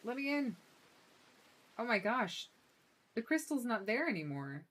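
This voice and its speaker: A woman's voice: a little high, big pitch swings, measured pace, a bit bright. A woman giving casual, joking commentary while playing a video game and talking back to its characters. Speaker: let's play streamer.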